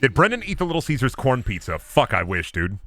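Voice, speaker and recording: Animated, rambling male streamer. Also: medium pitch, fairly quick. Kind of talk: casual livestream gameplay chat.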